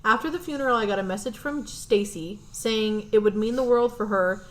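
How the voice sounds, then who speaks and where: A woman co-hosting a podcast, reading an online post aloud in a steady voice and chatting in between. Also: medium pitch, brisk, low-quality recording. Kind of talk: reading a story aloud with casual chat.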